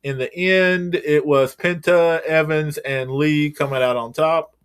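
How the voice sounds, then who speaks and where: A man's voice: fairly high pitch, fairly even intonation, measured pace, smooth. A man co-hosting a casual wrestling recap podcast, loose and rambling, swearing offhandedly as he runs through results. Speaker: podcast co-host.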